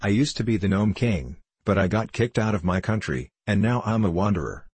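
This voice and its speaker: A man's voice: lowish voice, fairly quick, darkish tone, breathy edge, no room sound. A man voicing a crooked, shrewd old deposed gnome king in a storybook reading, wry and sly in manner. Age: older.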